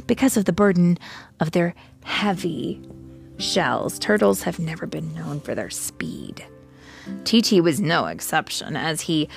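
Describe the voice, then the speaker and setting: Slow, animated woman reading a storybook. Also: lowish voice, vocal fry. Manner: slow, animated, stops to chat with the child.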